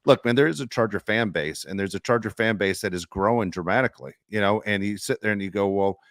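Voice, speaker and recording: A man's voice: on the low side, quick pace, a bit bright, dry recording, clean studio sound. A man co-hosting a sports podcast, giving his opinions emphatically and talking straight to his listeners. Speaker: podcast co-host. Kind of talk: casual sports talk.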